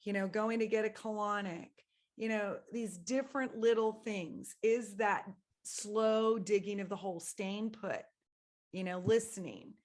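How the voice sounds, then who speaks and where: A woman guest on a podcast, talking at a mid pitch in a reflective, meandering way. Her tone is casual and conversational, with plenty of fillers. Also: fairly even intonation, unhurried, a little mellow. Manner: reflective, rambling.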